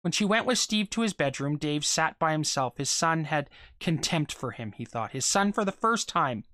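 A reader telling a short story aloud in a steady voice, with small stumbles and repeated words. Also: mid-range voice, normal speed, no echo, clean studio sound.

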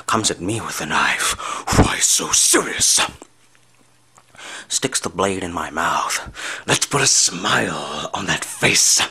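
A man voicing a menacing, unhinged scarred villain in a husky, half-whispered voice. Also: low voice, sharp tone, full character voice.

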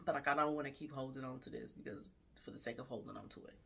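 Low, bright-voiced woman speaking frankly. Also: racing, gravelly, slight background noise. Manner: earnest, emotional and frank, with repeated restarts. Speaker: fashion vlogger and designer. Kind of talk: candid personal life-update vlog. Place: indoors at night.

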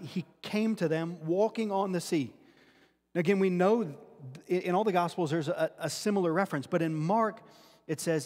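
A man preaching a sermon, earnest and often restarting words as he teaches from scripture. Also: a little high. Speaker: pastor. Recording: long hall reverb.

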